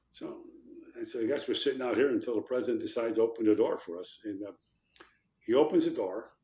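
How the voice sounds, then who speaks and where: An older former congressman tells stories and plays out the voices of the people in them. His voice sits low, and the room around him has a noticeable echo. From Chicago, USA. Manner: animated anecdotes, acting out quotes. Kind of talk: storytelling in a podcast interview.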